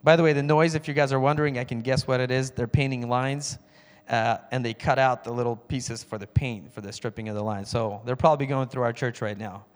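A man's voice: medium pitch, steady tone, fairly quick, clean tone, big-room sound. A man telling a personal testimony in a church, acting out phone calls in a raised voice. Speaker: church speaker giving a testimony. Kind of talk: sermon testimony.

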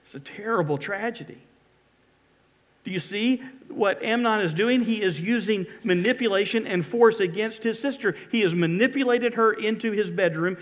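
A man's voice: high voice, moderate pace. A middle-aged man preaching a sermon as pastor, reading scripture with dramatic emphatic pleas.

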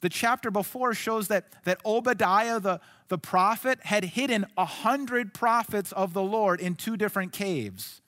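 In a high voice, a male pastor preaches an earnest sermon, sinking into soft, hushed passages before rising into emphatic ones. The long reverb of a large hall rings around him. His pace is measured, with few pauses.

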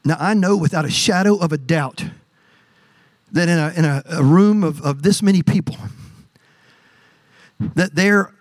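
A man's voice: a little high, measured pace, pauses often, dry recording. A pastor preaching a sermon to his church, building to emphatic surges and repeating words as he presses his points. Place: church sanctuary.

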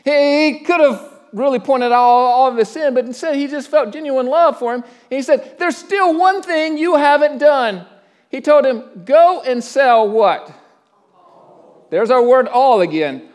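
A middle-aged pastor preaching a sermon, conversational, with frequent stammered restarts and questions to the congregation. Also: male voice, very high-pitched, darkish tone. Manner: asks the congregation questions and pauses for answers.

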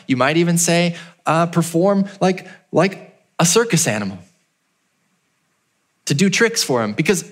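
A man preaching a sermon as pastor, telling the story and acting out the townspeople in a raised voice, then dropping low and quiet for emphasis. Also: expressive, measured pace, long pauses.

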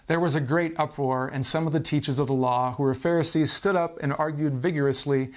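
A man's voice: fairly high pitch, steady tone, brisk. A male pastor giving a podcast sermon, explaining and reading scripture in an earnest way.

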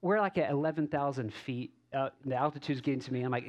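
A man's voice: medium pitch, fast talker, a little mellow, dull audio. Casual storytelling male pastor. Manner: casual, self-correcting, storytelling with asides. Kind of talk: conversational sermon. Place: church service.

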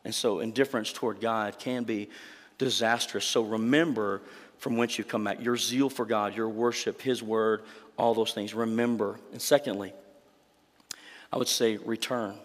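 A man's voice: lowish voice, fairly even intonation, normal speed. Male pastor preaching in an echoey hall. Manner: conversational, emphatic preaching with rhetorical questions. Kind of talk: sermon. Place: church sanctuary. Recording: reverberant church hall.

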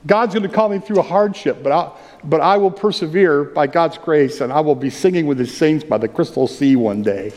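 A man's voice: fairly high pitch, moderate pace, darkish tone, long reverb tail. A male pastor preaching a conversational sermon. He breaks into sung hymn lines now and then.

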